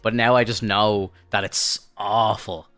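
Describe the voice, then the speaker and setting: Bright low-voiced man, exasperated. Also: little pitch movement, measured pace. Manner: exasperated, says bro and dude. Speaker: podcast co-host. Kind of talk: casual chat.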